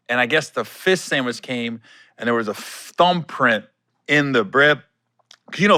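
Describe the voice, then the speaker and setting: A man's voice: mid-range voice, no room sound. A man hosting a solo podcast, telling loose stories, laughing often and swearing casually. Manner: animated, laughs often, swears casually, slips into voices for quoted people. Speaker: podcast host.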